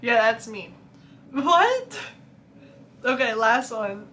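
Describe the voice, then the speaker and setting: A woman's voice: fairly high pitch, sing-song, extremely slow, pushed and bright, a little hiss or hum. A young woman, chatting casually and laughing often as a book vlogger reacts to reviews.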